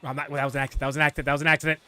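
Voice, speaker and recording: A man streaming a video game live, chatting casually and getting excitable, swearing and laughing at his own mistakes. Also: a little high, very fast, a little hiss or hum. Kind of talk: live gameplay commentary.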